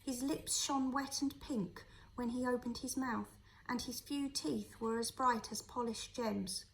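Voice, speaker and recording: A teacher reads a children's novel aloud in a steady, clear storytelling voice. Her voice sits a little high for a woman. She keeps an even, unhurried pace through the story. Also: a little hiss or hum, poor audio. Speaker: teacher reading to a class.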